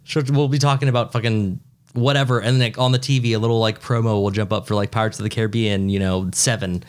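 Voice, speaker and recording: A man co-hosting a podcast in casual chat, with a dry, joking and drawn-out delivery. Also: fairly low pitch, fairly even intonation, smooth. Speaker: podcast co-host.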